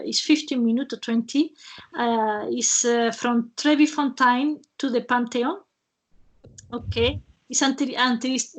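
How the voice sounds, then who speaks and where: Woman, webinar host, fairly high voice, halting speech full of fillers, frequent laughs, video call sound. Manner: hesitant, with many fillers and halting restarts; laughs often between phrases. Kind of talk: casual online presentation.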